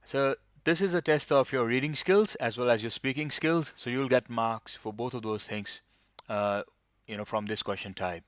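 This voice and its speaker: A man tutors students for a speaking test in a smooth, resonant voice. He explains step by step and keeps dropping in "you know" as he goes. The sound is dry and close, with no room around it. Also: mid-range voice, moderate pace, fairly bright tone, no echo. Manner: explains patiently with many "you know" fillers. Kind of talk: online lesson.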